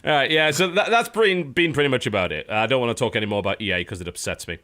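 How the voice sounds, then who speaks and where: A man's voice: mid-range voice, animated, rapid-fire, pushed and bright. A man hosting a podcast in casual chat, sarcastic and teasing, given to rants. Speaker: podcast host.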